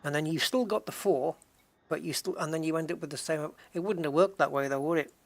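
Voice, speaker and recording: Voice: mid-range voice, a little fast, no room sound. A game streamer giving casual live commentary, thinking aloud, counting items and chatting with viewers. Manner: casual and chatty, with frequent restarts.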